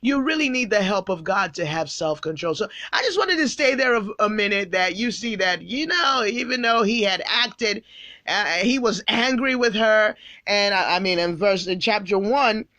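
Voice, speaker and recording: Emphatic woman pastor, bright dry voice. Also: mid-range voice, lively intonation, moderate pace, no echo. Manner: emphatic, repeats phrases for stress. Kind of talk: Bible teaching sermon.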